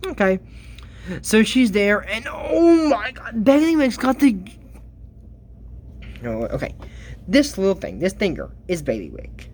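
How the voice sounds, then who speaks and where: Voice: medium pitch, very animated, a little slow, pauses often, a little mellow. A commentator recapping a cartoon in casual comedic commentary, exasperated, with laughing asides.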